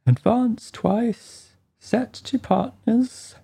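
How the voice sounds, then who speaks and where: A woman voicing a melancholy, tearful male mock turtle who speaks slowly and mournfully in a storybook reading. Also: fairly high pitch, vocal fry, dark tone, husky, voice pushed up, full character voice. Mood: wistful. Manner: slow, mournful, drawn out.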